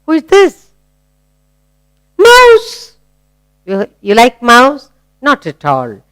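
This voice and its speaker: Woman teaching little kids english, slow and singsongy, spells stuff out, clear smooth voice. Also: fairly high pitch, sing-song, a bit bright. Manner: slow, sing-song, spelling words letter by letter; asks children questions, encouraging. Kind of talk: children's grammar lesson.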